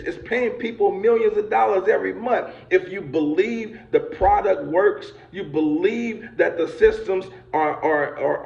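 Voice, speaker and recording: Man, high gravelly voice, rousing motivational speaker with preacher fervor; echoey, lo-fi video call. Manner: builds to shouting, preacher-like fervor.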